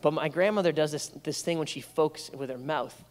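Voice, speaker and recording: Young pastor preaching in a reverberant hall. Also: male voice, fairly high pitch, a little fast. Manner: conversational storytelling with playful asides. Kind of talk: sermon. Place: church sanctuary.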